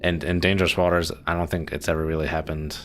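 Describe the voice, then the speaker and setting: A man with an extremely deep, low voice talks loosely on a live game stream. He rambles, restarts sentences and leans on fillers. A faint hum sits under his desk-mic sound. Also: flat delivery, fast talker, a bit bright. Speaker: streamer playing a submarine sim. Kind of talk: casual live-stream chat.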